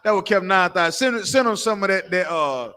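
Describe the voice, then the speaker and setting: Brief: male preacher, somewhat high voice, tense and forceful, profane and animated sermon full of rhetorical questions. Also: fairly quick. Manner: animated, mimics crying and barking for laughs. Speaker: preacher of a religious camp. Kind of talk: fiery street-style sermon.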